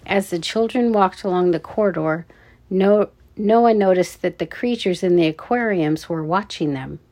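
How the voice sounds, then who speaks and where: A woman reading a children's adventure story aloud, with deliberate, measured narration. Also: on the low side, mellow.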